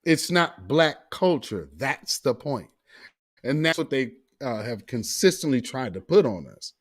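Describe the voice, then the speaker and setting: A man's voice: mid-range voice, big pitch swings, a little slow. A man hosting a talk show, delivering an opinionated monologue with emphatic sarcasm and calling his listeners family.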